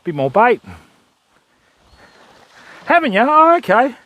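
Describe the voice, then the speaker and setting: Older Aussie bloke, high-pitched, easygoing live host, outdoors. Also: male voice, very animated, takes it slowly, dry recording, muffled recording. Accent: Australian. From Australia. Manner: chatty, greets viewers by name, calls them mate and bud. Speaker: fishing livestream host. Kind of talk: casual live commentary. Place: outdoors on a beach.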